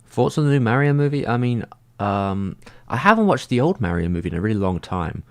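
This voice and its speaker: A man in a casual livestream, answering viewer comments and thinking out loud, filling his talk with "like" and frequent restarts. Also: medium pitch, sing-song, a little fast, clear, resonant tone. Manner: rambling, heavy use of "like".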